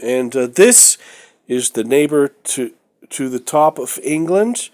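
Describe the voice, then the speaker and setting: A man with a stuffy nose talks through his collection at an unhurried, drawn-out pace, his voice sitting in a middling register. He rambles and hesitates, leaning on fillers and tossing in blunt opinions. It sounds like a casual, chatty home vlog. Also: medium pitch, animated, a little mellow. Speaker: vlogger. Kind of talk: casual show-and-tell vlog.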